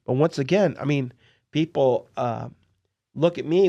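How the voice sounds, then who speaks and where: A man hosting a podcast, telling poker-dealing stories in an excitable, animated way. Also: medium pitch, measured pace, gravelly, lo-fi sound. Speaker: podcast host and poker dealer. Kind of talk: casual storytelling interview.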